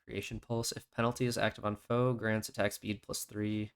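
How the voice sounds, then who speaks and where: A man's voice: fairly low pitch, flat delivery, normal speed, clear, resonant tone. A man hosting a casual game reaction chat, reading out stats and skill text in a laid-back way. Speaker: channel host.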